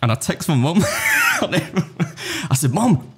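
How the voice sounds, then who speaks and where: A man's voice: high voice, wildly swooping pitch, slow, fairly bright tone, slightly rough. A man in casual podcast chat, telling a funny story and acting out the people in it. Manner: laughing anecdote teller, acts out quotes.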